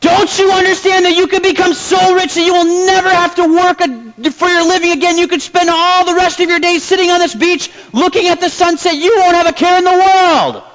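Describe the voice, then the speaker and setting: An angry, pushy businessman yells in a high, strained voice, as a man puts him on. The sound is dull and lo-fi. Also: brisk, hardly any pauses. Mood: shouting. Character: impatient pushy male businessman.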